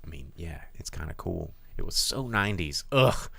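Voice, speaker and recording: A man co-hosting a movie podcast, talking casually and animatedly, cursing freely and slipping into quick impressions of people. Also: low-pitched, gravelly, slightly rough, no echo. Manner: animated, swearing, mimics people in quoted voices. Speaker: podcast co-host.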